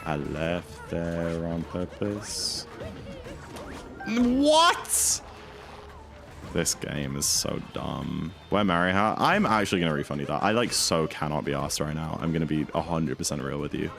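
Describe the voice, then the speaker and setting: Low gravelly British young man streaming. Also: a little fast, few pauses, soft background music. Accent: British English. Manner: chatty, rambling, with sudden excited outbursts. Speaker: speedrun streamer. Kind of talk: casual livestream chat.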